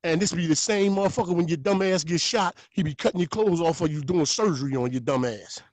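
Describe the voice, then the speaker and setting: Animated, profane man telling stories. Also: fairly high pitch, a little fast, dry recording. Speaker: podcast guest. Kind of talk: casual podcast talk.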